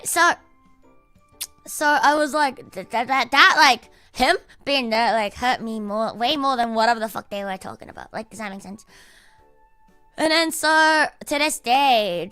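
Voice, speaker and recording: A woman's voice: a little high, sharp tone, no room sound. A young woman in her twenties, livestreaming and telling a story in rambling, profane casual chat full of "like" fillers.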